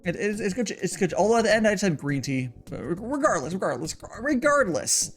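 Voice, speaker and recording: A man's voice: high-pitched, big pitch swings, brisk, faint music behind. A young man chatting casually on a livestream while making tea, rambling with lots of restarts and repeated words. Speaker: streamer.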